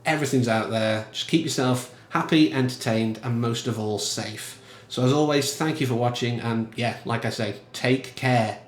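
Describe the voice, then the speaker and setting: A man's voice: mid-range voice, moderate pace, hardly any pauses, echoey room. Chatty man reviewing films. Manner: animated, emphatic, chatty. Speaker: film reviewer. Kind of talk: casual film commentary.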